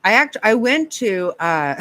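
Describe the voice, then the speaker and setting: Slow-talking woman, laughing and swearing. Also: medium pitch, pushed and bright. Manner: laughs often, swears, rambling and flustered. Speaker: streamer chatting with viewers. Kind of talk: casual live chat.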